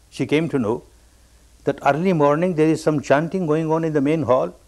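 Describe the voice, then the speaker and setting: A meditation teacher giving a discourse, telling a story with emphatic repetition, rising on stressed phrases and sinking to quiet endings. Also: male voice. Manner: swings between raised, stressed phrases and low, quiet endings.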